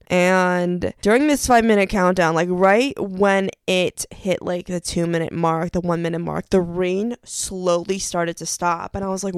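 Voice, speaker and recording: A woman's voice: on the low side, no room sound, studio quality. A young woman hosting her own podcast, telling a story in bubbly, gushing casual chat full of fillers. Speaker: podcast host.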